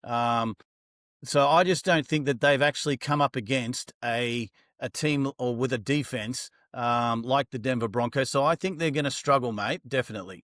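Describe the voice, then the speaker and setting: A man co-hosting a sports podcast, talking in a relaxed, halting way with many fillers. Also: mid-range voice, no echo, clean studio sound. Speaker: podcast co-host. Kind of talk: casual sports chat.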